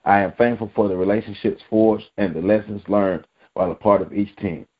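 A man with a low voice runs casual sports talk commentary, blunt and slangy, circling back to hammer each point. The audio is dull and lo-fi, like a home recording. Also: steady tone, fairly quick. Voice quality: blunt, slangy, repetitive emphasis.

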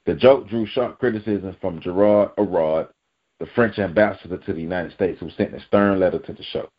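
A man with a low voice reads a news article aloud for his vlog. He breaks in often with blunt, profane, emphatic commentary. The recording is slightly dull and lo-fi. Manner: blunt, profane, emphatic asides between read-out passages. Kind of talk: reacting to a news article on camera.

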